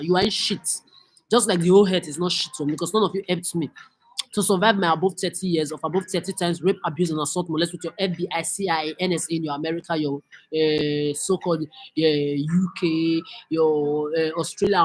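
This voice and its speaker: A woman's voice: on the low side, a little hiss or hum. A woman from Nigeria, delivering a heated, profane, accusing rant as a vlogger. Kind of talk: angry profane rant to camera.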